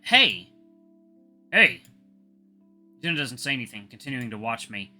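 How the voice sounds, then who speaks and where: Guy reading a visual novel out loud, really bright sharp voice, trips over words, quiet guitar behind. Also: medium pitch, fast. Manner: lively, with frequent self-corrections.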